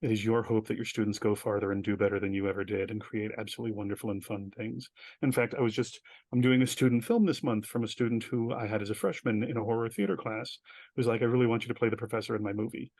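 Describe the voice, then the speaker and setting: A middle-aged man tells his stories at a quick clip, recorded close on a dry mic with no room sound. He stays self-deprecating and acts out other people's lines with sudden bursts of energy. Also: on the low side, a little mellow, dry recording. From United States. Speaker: guest, professor and theater artist. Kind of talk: conversational storytelling in an interview.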